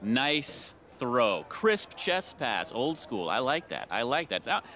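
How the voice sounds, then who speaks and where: An actor playing a smooth-talking male carnival game barker who flatters passersby. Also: medium pitch, takes it slowly, heavily acted. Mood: flattering. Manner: flattering sales patter. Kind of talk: video game voice acting.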